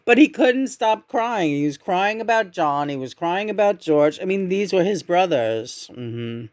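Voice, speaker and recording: A woman giving a casual tarot reading in a musing, meandering way, often humming softly between thoughts. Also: lowish voice, lively intonation, a little slow, no echo, studio quality. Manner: meandering, musing, with frequent murmured hums. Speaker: tarot reader.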